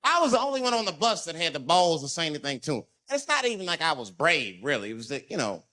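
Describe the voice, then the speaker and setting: A man's voice: fairly high pitch, sing-song, quick pace, hardly any pauses, sharp tone. A male stand-up comedian telling a long profane story, acting out the voices of people in it. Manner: profane and conversational.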